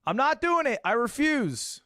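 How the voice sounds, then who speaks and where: A young man streaming casually at his desk, joking and swearing with lively energy. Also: extremely high pitch, measured pace, no echo, clean studio sound. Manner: animated, jokey, swearing. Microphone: desk microphone.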